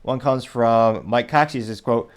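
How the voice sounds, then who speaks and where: A man's voice: medium pitch, unhurried, clean tone. A man hosting a news commentary show, rambling and correcting himself with wry asides. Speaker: show host.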